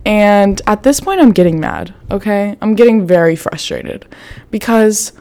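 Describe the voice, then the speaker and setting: A young woman talks straight to her viewers in a loose storytelling vlog. She is animated and swears freely, laughing between lines, and her pitch sits in the middle for a woman. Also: a little slow. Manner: animated, profane, laughs often. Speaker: vlogger. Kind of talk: casual storytelling.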